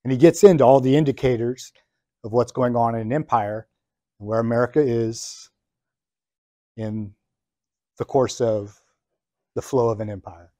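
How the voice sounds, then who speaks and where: A man, a business coach, lecturing business students in an emphatic, deliberate way, ticking through his points one at a time. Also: mid-range voice, fairly even intonation, warm tone, no room sound, studio quality.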